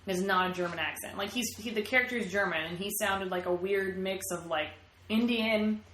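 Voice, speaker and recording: A woman's voice: medium pitch, brisk, a bit bright. Chatty opinionated woman, roomy echo. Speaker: podcast co-host. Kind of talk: casual chat. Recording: echoey room with faint noise.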